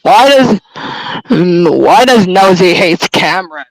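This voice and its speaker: A man keeps asking his friends trivia questions during a casual stream chat. His voice is high-pitched. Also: lively intonation, takes it slowly, poor audio. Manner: quizzes the others with trivia questions.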